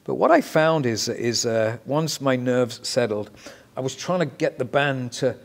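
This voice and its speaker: Speaking unhurriedly in a creaky, medium-pitched voice, this Manchester-born man, a musician and actor, shares lively anecdotes in a casual interview. He curses without restraint, lets lines fade off softly, and has a mid-Atlantic accent mixing Mancunian with American.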